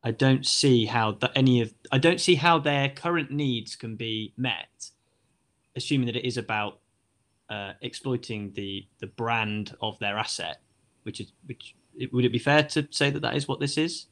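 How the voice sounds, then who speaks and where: A man leading a casual football discussion, asking probing, measured questions. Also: medium pitch, fairly bright tone.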